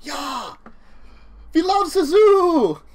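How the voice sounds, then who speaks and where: A man voicing excited male street thugs, speaking slow, loud broken English with a mock German accent. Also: extremely high pitch, voice pushed up, exaggerated voice. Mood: thrilled.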